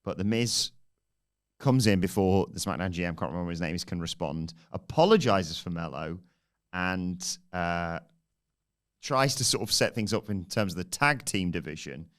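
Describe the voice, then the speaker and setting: Low-voiced man recapping wrestling. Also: expressive, normal speed, fairly bright tone, clear, resonant tone. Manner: rambling, jokey recap with self-deprecating asides. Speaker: wrestling podcast host. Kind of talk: casual recap and banter.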